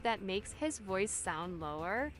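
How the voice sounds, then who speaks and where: A woman's voice: mid-range voice, sing-song, slow pace. A woman joining a live stream with dry, teasing remarks. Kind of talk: casual live-stream banter.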